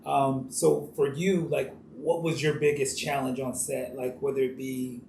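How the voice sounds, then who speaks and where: A man interviewing an actor in a relaxed, casual way, asking loose, rambling questions and affirming his answers. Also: mid-range voice, unhurried, creaky. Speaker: interviewer, author. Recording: roomy echo with faint hiss.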